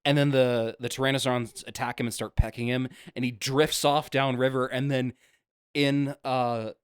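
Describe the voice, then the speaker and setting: A man co-hosting a podcast, recapping movie scenes in casual chat with halting restarts. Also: medium pitch, level tone, clear, resonant tone, dry recording, studio quality. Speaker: podcast co-host.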